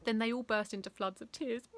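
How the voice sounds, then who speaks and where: A woman reading a bedtime story aloud, playful and expressive, switching into character voices. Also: a little high, no room sound.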